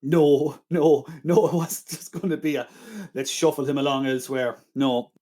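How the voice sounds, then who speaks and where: An enthusiastic man co-hosting a casual film podcast, defending his favourite film with emphatic praise and quick rebuttals. His voice sits a little higher than most men's. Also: fairly even intonation, mellow. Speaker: podcast co-host. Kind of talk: casual film-review chat.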